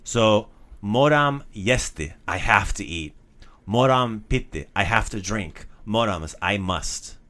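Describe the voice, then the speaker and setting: A man casually teaching a friend everyday phrases, playfully repeating each one slowly. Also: on the low side, expressive, pushed and bright. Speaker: language teacher.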